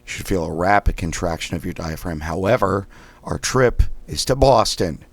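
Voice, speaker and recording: A man hosting a guided voice exercise lesson, calmly counting through repetitions between loud, sharp drill sounds. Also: low voice, moderate pace, no room sound. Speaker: host leading daily voice exercises.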